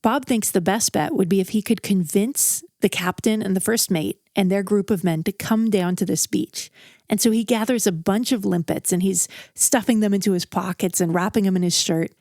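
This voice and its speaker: A woman narrates a true story in a relaxed, chatty way and lets the tension build as she goes. Her voice sits in a middle pitch. The sound is dry and close to the mic, with no echo. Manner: conversational and vivid, with a dramatic build. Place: outdoors around a campfire.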